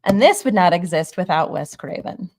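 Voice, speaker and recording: A woman hosting a horror channel in a casual livestream, talking in an excitable, rambling way. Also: lowish voice, normal speed, no echo, studio quality.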